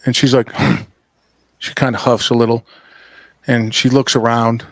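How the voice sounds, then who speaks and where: A man's voice: mid-range voice, little pitch movement, measured pace, no room sound. A man hosting a podcast, chatting casually and telling stories bluntly with plenty of swearing. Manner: blunt, profane storyteller. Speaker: podcast host. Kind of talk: casual chat.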